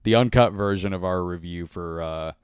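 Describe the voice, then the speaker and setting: Rambling man with a smooth low voice. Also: normal speed, no room sound, clean studio sound. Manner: rambling, self-deprecating, many fillers and restarts. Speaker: host. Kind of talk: casual livestream chat. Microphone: handheld microphone.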